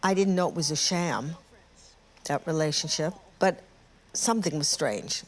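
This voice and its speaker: An older woman with a fairly low voice looks back on old interviews, candid and wry, poking fun at herself. She speaks plainly in a reflective, documentary way. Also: lively intonation, moderate pace. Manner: candid, wry, self-mocking. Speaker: presenter looking back on past interviews.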